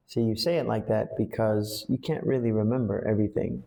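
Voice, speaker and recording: A man, an English teacher, coaching a student through lines for a school play with slow, patient explanations. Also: on the low side, steady tone, creaky, mellow.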